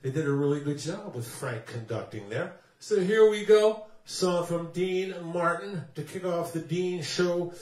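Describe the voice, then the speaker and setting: A man's voice: a little high, unhurried, few pauses, a little mellow. A man hosting his own music show, chatting between songs in a jokey, playful, rambling way. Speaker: singer and show host. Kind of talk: casual stage patter between songs. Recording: roomy sound from a distance with music behind.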